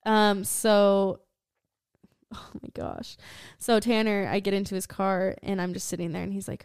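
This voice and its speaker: A young woman chatting on a podcast, her voice smooth and resonant, recorded close and dry. She tells a long personal story in a loose, filler-heavy way, often trailing off into a quiet low voice. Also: little pitch movement, unhurried, dry recording. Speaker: podcast co-host. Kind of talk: casual chat.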